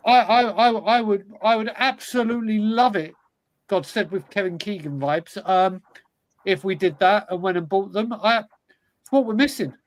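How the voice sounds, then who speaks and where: A man's voice: high-pitched, normal speed, poor audio. A man hosting a football fan podcast, talking passionately and emphatically, often repeating himself for effect. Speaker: podcast host. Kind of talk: casual football chat.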